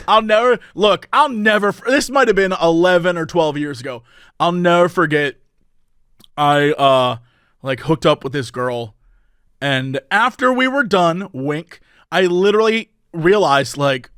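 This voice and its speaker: A man's voice: high-pitched, expressive, unhurried, a bit bright, clean tone, no echo, studio quality. A man in his thirties co-hosting a comedy podcast, joking and laughing often in casual chat. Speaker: podcast co-host.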